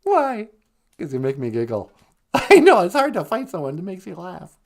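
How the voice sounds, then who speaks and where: A woman co-hosting a morning radio show, playful and giggly, bantering in a high, bright voice. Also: wildly swooping pitch, moderate pace. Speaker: radio co-host. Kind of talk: joking morning radio chat.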